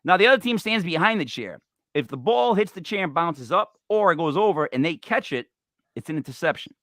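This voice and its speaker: Male talk host, lively and bright, dry close sound, rambling and joking, high voice. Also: brisk, dry recording. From Italian-American. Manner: animated, digressive, joking. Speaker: podcast host. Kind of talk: rambling comedic talk show chat.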